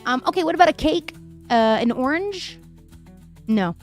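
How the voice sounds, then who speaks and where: With faint music in the background, a young woman running a live stream reads viewers' messages aloud and chats, often breaking into laughs. She speaks at a moderate pace in a high, expressive voice that's a little worn and fried.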